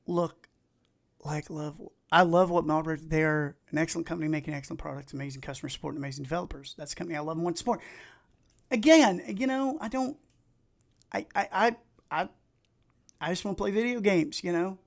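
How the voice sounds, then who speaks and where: A middle-aged man with an Appalachian accent, chatting casually and excitably while streaming video games and telling rambling stories. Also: fairly high pitch, brisk, vocal fry. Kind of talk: casual live-stream chat while gaming.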